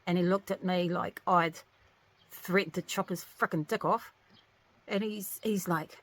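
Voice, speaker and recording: Bright-voiced woman venting a story. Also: lowish voice, a little slow. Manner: animated, venting, exasperated retelling. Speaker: vlogger, single working mother. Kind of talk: casual storytelling to camera.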